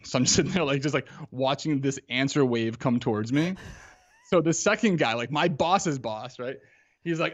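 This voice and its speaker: The recording sounds muffled as a man in his thirties, appearing as a podcast guest, speaks at a normal speed with a medium-pitched voice. His personal story comes out animated and casual, studded with "like" and quotes he acts out.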